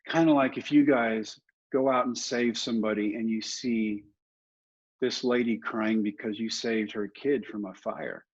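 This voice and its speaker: A husky-voiced, middle-aged former ballplayer turned motivational speaker appears as a podcast guest, casually telling stories in a medium pitch. He animates his anecdotes by acting out other people's lines, and the sound quality is lo-fi.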